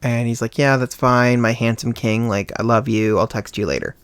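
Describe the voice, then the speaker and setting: A young man hosting a podcast, telling a personal story in a casual, animated way and acting out what people said. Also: mid-range voice, moderate pace, smooth, no echo. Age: young adult. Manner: animated, acts out quoted voices with sighs and laughs. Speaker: podcast host.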